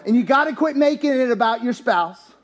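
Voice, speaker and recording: A man preaching a sermon in a church, animated and joking, rising to shouts at his peaks. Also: very high-pitched, a little fast. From US, town near country. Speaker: pastor.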